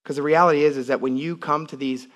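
A male pastor preaching in an animated way, his voice sitting somewhat high for a man. He builds up to loud, intense passages, then drops down to soft, quiet lines. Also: quick pace. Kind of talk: sermon. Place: church.

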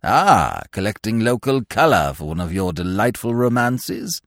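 A man voicing a pompous elderly male peer who speaks slowly and formally. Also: sing-song, fairly bright tone, dry recording, studio quality. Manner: slow, ponderous, deep and measured.

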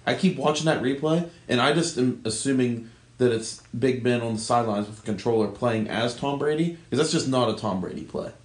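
An opinionated man co-hosting a casual sports podcast, swearing freely as he jokes. His voice sits at a middling pitch. The room is echoey and roomy. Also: brisk. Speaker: podcast co-host.

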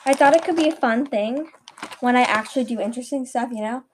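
A woman's voice: a little high, fast talker, slight background noise. A teenage girl hosting a casual solo podcast from a bedroom, rambling and giggling self-consciously into a webcam mic set some distance away. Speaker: podcast host. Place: bedroom at home.

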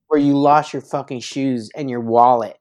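A man's voice: mid-range voice, steady tone, moderate pace, darkish tone. Mid-range man as a casual podcast host; ribbing his guest, profane and loose. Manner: teasing, profane, pushes friend to tell the story. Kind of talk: casual chat.

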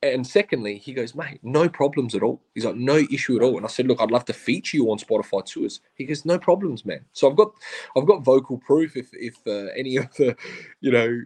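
A man with an Australian accent and a brisk, slightly rough, medium-pitched voice tells stories as a podcast guest. His chat is casual, animated, and slangy, and he acts out what other people said.

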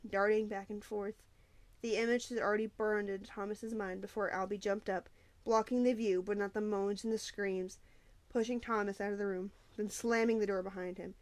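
A woman reads a novel aloud with steady, even storytelling and the odd small slip. Her voice sits mid-pitch. The recording is dry and close, with little room sound. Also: no echo. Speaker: audiobook narrator.

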